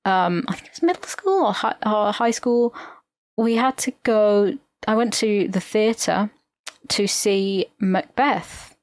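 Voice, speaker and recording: A woman's voice: on the high side, no room sound, clean studio sound. A woman co-hosting a podcast, rambling through anecdotes in casual chat. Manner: rambling, animated storytelling with mock impressions. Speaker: podcast co-host.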